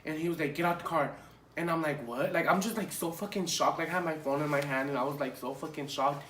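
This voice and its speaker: A young man recounts a story for his vlog in a loose, animated, profane style, full of fillers. His voice sits a little high. The room around him is echoey, with faint hiss behind it. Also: quick pace. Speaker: vlogger.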